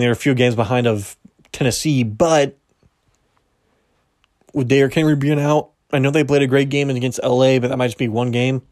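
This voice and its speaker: Ranking things on his own sports podcast, a young man keeps the talk casual and rambling, tripping over words and fixing them with a laugh at himself. His pitch stays in an ordinary middle range, the tone is darkish, and there's a slight strain in his voice.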